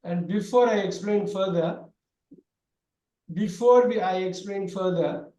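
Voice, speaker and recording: A man teaching an online grammar class, talking loudly and repeating himself with many fillers. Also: high voice, a little slow. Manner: loud, repetitive explaining with many fillers. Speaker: English teacher. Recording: echoey room.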